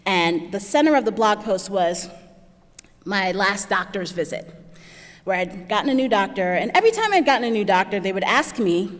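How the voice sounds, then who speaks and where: A woman at a mid-range pitch gives a storytelling keynote talk in a large hall, and her voice trails off in a long reverb. She keeps it chatty, laughs often and slips into the voices of the people she quotes. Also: lively intonation, normal speed. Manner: chatty, laughs often, acts out what others said. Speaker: keynote speaker.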